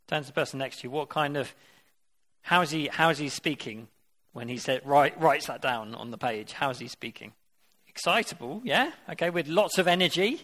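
A man's voice: fairly high pitch, lively intonation, normal speed, a bit bright. A man preaching a sermon. He reads scripture aloud and then puts questions directly to his listeners. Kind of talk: interactive sermon.

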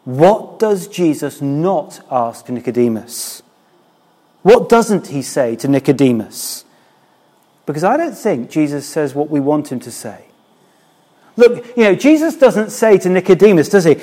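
A middle-aged man delivers a sermon, his voice sitting a little higher than most men's. He talks to the congregation in a relaxed, conversational way. He keeps drawing them in with rhetorical questions. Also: measured pace. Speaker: preacher.

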